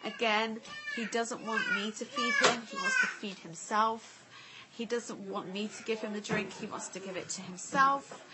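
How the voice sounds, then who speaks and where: A woman's voice: on the high side, very animated, moderate pace, very noisy. A woman, a mother vlogging at home, chatting candidly to camera with lots of "like" and "you know". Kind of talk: casual chat to camera. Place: family home.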